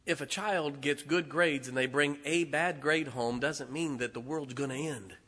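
A man pastor delivers a casual, joke-laced sermon to his congregation. His voice sits somewhat high and cuts through with a bright, forceful edge. It rings with a long reverb off a large church room. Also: normal speed. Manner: folksy, joking asides with the congregation. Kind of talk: conversational sermon. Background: congregation responding.

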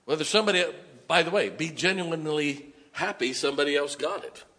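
A man's voice: a little high, brisk, pushed and bright. A middle-aged man preaching a sermon as pastor, folksy and joking, sometimes mocking whiny voices.

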